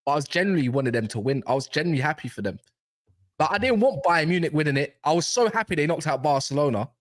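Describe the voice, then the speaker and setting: A man with a slight cough co-hosting a football podcast, chatting in animated, slangy banter and laughing often. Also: fairly high pitch, fast talker. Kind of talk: casual banter.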